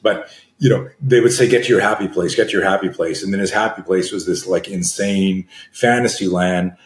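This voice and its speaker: Man, middle-aged, self-defense coach, rambling storytelling, lowish voice, roomy sound. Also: a little fast. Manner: animated storytelling with many fillers and restarts. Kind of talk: conversational interview answers. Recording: echoey room.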